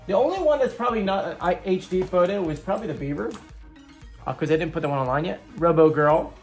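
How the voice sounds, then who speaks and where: A chatty man talks through a homemade board game in a casual show-and-tell. His pitch rises and falls a lot, his level is mid, and the delivery is upbeat and meandering. Soft music plays faintly underneath. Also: expressive, fast. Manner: chatty, upbeat, rambling asides. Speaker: YouTube host.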